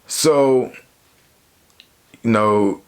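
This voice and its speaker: A young man casually telling a story from his own life to his viewers, in a slangy, relaxed way. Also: mid-range voice, very slow. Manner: slangy, relaxed, lots of "you know". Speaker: YouTuber.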